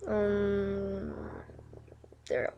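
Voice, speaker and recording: Woman with a gravelly voice reading a story aloud. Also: mid-range voice, completely flat delivery, drawn-out words, warm tone, dull audio, a little hiss or hum. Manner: stumbling, self-correcting reading. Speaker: fanfiction reader.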